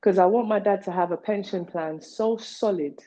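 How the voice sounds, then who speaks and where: A Nigerian woman, an artist guest, gives a rambling interview in a mid-range, dark-toned voice at a moderate pace. Her talk is playful and tangential, packed with wordplay, and the recording sounds dull and lo-fi.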